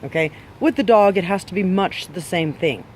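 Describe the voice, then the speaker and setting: A man with a notably high voice lectures dog owners in a blunt, scolding tone, firing off rhetorical questions. He talks as a trainer driving home a point. A faint hum of background noise sits under his voice. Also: animated, normal speed. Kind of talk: direct advice talk to dog owners.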